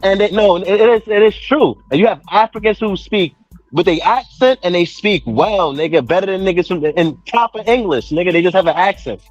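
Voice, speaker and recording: A man's voice: high-pitched, fairly quick, no echo, lo-fi sound, soft background music. A man with a New York accent, talking in casual group chat, restarting and repeating himself as he argues a point.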